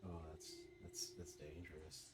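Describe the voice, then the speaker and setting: A man's voice: extremely low pitch, flat delivery, moderate pace, very noisy. A man streaming a game from home, chatting casually and rambling between bites of food. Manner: rambling, chatty, talking while eating. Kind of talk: casual live-stream chat.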